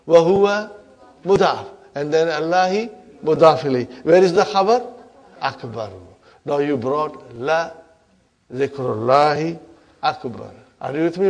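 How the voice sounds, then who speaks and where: A man whose first language is Urdu delivers a classroom lecture on Arabic grammar, constantly checking in with his students. His voice is a little high with a darkish tone.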